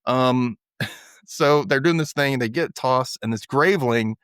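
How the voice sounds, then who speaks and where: A man's voice: medium pitch, unhurried, fairly bright tone, smooth, no room sound, studio quality. A man hosting a podcast, casually recapping a TV episode and acting out the characters' lines in little voices. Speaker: podcast host.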